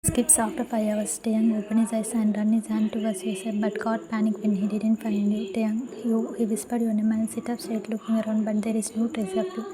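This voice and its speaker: Fast flat-voiced woman narrator. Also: fairly high pitch, a crowd in the background, low-quality recording. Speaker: fan fiction narrator. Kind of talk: second-person romance story reading.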